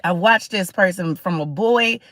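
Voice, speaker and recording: A livestream host born in the Caribbean speaks unhurriedly in a medium-pitched, fairly bright voice, and the recording is dry. The talk is motivational, preachy yet conversational, and the host regularly checks in with listeners and answers viewer comments.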